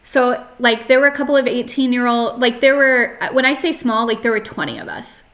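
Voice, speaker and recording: Chatty young woman, a touch high. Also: brisk, fairly bright tone. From North Carolina. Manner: chatty, many fillers and restarts, frequent "like". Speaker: podcast guest. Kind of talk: casual interview, personal story.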